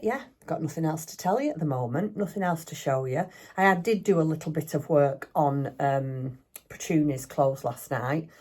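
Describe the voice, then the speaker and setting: Speaking in a warm bass voice, an older woman chats casually while recording a craft vlog in her home craft room. She tends to ramble a bit and makes light of herself.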